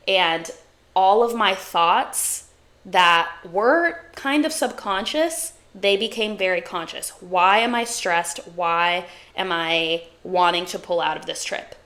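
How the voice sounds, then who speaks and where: A woman's voice: fairly low pitch, takes it slowly, fairly bright tone. A young woman in her twenties hosting a solo podcast, talking in a chatty, confiding way full of "like", reflecting on her own thoughts and feelings. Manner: chatty, heavy use of "like". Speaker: podcast host. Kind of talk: casual solo podcast talk.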